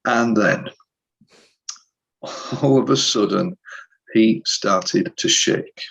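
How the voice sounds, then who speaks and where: Gravelly middle-aged storyteller. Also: male voice, fairly low pitch, extremely slow, rough recording. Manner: animated storyteller who re-enacts scenes, with frequent restarts. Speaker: hypnotherapist guest. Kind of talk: storytelling in a conversational interview.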